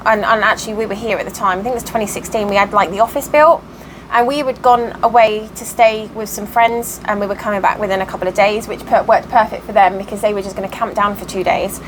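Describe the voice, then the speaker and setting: Chatty woman with a high voice. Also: a bit bright, slight background noise, rough recording. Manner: chatty, rambling, lots of fillers and restarts. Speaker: cross stitch vlogger. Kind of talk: casual storytelling vlog. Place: at home by an open window.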